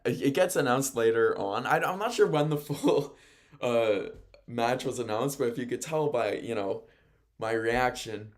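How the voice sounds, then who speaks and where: A man's voice: medium pitch, a little slow. A man who hosts radio and calls play-by-play, chatting loosely through a recap, rambling, chuckling often and correcting himself. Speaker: radio host and play-by-play announcer. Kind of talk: casual sports talk recap.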